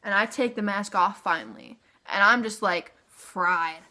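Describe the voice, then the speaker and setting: Young woman vlogger, bright tone, casual filler-heavy storytelling. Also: medium pitch, unhurried. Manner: chatty, filler-heavy "like", animated retelling.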